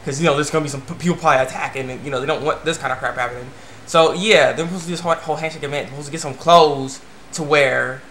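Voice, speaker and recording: A man rambling casually through an anime episode review, breaking into squeaky voices for quoted characters. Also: steady tone, rapid-fire, a bit bright, roomy sound, a little hiss or hum.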